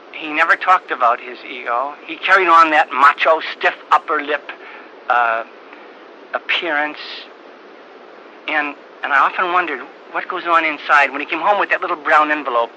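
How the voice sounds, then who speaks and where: An older man, a priest, telling a personal story in a halting, earnest way with frequent repeated words. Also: a little high, pushed and bright, poor audio. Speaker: priest giving a talk. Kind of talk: storytelling talk. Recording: old tape recording with faint hiss.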